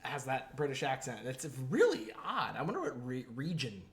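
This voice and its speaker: A man's voice: medium pitch, wildly swooping pitch, normal speed. A man co-hosting a casual comedy podcast, rambling and laughing, slipping into mock voices now and then. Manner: rambling, laughs often, mimics accents. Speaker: podcast co-host.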